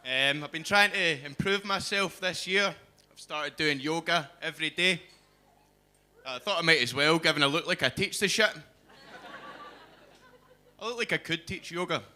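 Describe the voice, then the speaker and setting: A young Scottish man doing a stand-up set in a comedy club, with a dry, deadpan delivery into a stage mic. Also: a little high, moderate pace, long pauses, slight background noise. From Scotland.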